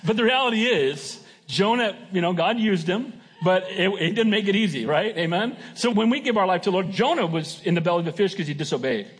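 A man's voice: sits high, expressive, a little fast, few pauses, slightly rough. A middle-aged man preaching a sermon in a conversational way, often checking in with his congregation. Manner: conversational preaching with frequent "Amen?" call-outs. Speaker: pastor.

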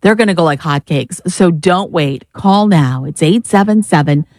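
A woman's voice: fairly low pitch, normal speed, a little mellow, dry recording. Upbeat woman, dry fundraising appeal. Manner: upbeat, urgent, repeats phone number. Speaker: radio pledge drive co-host. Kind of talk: pledge drive fundraising appeal.

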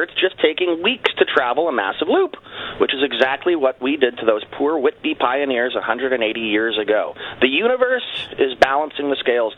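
A man speaking as a guest on a radio show, casual and playfully dramatic. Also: mid-range voice. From Canada. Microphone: phone. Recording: tinny phone line.

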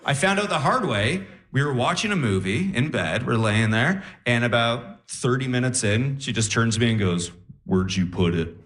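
A young man doing a stand-up set, animated and laughing through his punchlines. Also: mid-range voice, normal speed, hardly any pauses, roomy sound. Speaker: stand-up comedian. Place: comedy stage.

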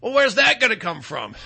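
A sarcastic middle-aged man running a political commentary monologue, with a high-pitched voice. His tone is very bright and sharp, with a gravelly crackle. He rambles with fillers and mocking asides.

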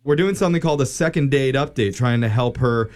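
A man's voice: mid-range voice, quick pace, a little mellow. A man co-hosting a morning radio show, teasing the caller in a sarcastic, joking way.

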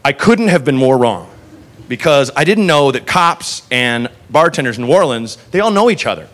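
A man telling a stand-up comedy story, animated, swearing freely and laughing through his lines. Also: mid-range voice, moderate pace.

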